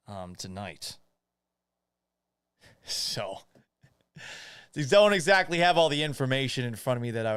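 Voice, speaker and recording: A man's voice: mid-range voice, fairly bright tone, clear, resonant tone, no room sound. A man hosting a sports podcast, reading viewer comments and answering them in a blunt, joking, profane manner. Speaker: podcast host.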